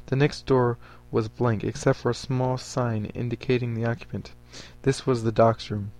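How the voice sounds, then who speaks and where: A man narrating a story aloud for a podcast. His voice sits at an ordinary middle pitch, and his reading stays steady and even. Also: normal speed, soft background music.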